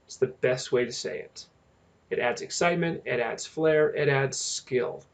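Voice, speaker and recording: Man with a gravelly voice teaching grammar. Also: medium pitch. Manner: slow, deliberate, stresses key terms. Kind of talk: grammar lesson narration.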